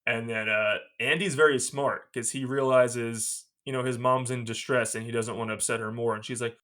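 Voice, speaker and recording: A man hosting a podcast, retelling a movie scene by scene in a casual, animated way and laughing often. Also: mid-range voice, moderate pace. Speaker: podcast host.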